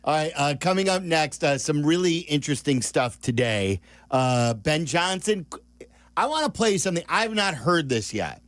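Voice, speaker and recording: A man's voice: on the high side, lively intonation, moderate pace, a bit bright, no echo. A man hosting a sports talk radio show, chatting and asking his co-hosts questions. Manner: chatty, asks lots of questions. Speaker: radio host.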